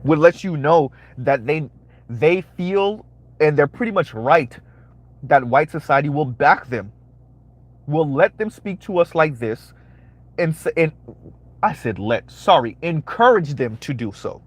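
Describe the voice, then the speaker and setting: Guy doing a live commentary stream, slightly high voice, dry close sound, keeps saying right?. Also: animated, unhurried, dry recording. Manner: emphatic, repeats phrases, asks "right?" often. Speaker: commentary channel host.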